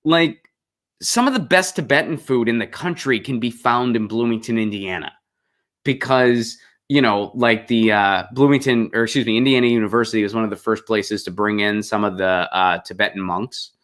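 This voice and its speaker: Rambling, sarcastic man with a bright edge. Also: fairly low pitch, moderate pace. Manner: rambling, sarcastic, many fillers and restarts. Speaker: host. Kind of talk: casual monologue.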